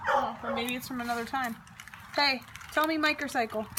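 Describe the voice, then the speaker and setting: In a noisy home video, a young mother with a highish, steady voice speaks a little fast. She coaxes her toddlers to say words in a sing-song manner.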